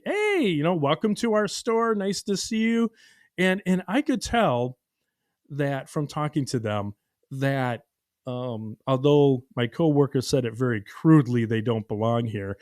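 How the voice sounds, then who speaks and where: A man's voice: on the high side, dry recording, studio quality. A man hosting a podcast who tells stories casually, acting out dialogue and using lots of fillers. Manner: animated, acts out dialogue, many fillers. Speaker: podcast host. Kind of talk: casual storytelling.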